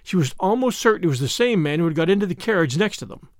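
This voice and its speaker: A man narrating a novel in an expressive storytelling manner. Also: high voice, fast talker, no room sound, studio quality. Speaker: audiobook narrator. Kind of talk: scripted narration.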